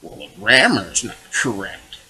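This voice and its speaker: A man's voice: lowish voice, big pitch swings, moderate pace, sharp tone, slight background noise, rough recording. A man giving a rambling spiritual monologue, digressive and full of rhetorical questions. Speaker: public official making his own videos.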